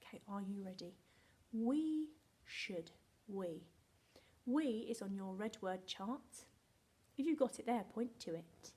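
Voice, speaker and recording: An English woman teaching a remote phonics lesson to young children, playful and animated, slipping into whispers and sounding out words slowly. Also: mid-range voice. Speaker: primary school teacher.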